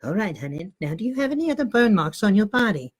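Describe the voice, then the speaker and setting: A man's voice: high-pitched, very animated, fast, breathy edge, exaggerated voice. A man voicing a stern middle-aged woman caseworker who talks down sweetly, calling the boy dear and honey. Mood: patronizing. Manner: syrupy, patronizing, calls him dear.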